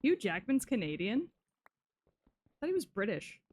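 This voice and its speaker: A young woman chatting casually with her viewers while playing a game, swearing often and reacting loudly to chat messages. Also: on the high side, very animated, measured pace, no room sound. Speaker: streamer. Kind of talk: casual live-stream chat while gaming.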